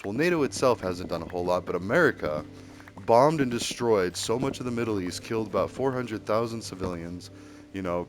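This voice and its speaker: Rambling, heated low-voiced man. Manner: rambling, heated, full of fillers and restarts. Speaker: streamer. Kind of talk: casual rambling opinion rant. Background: music.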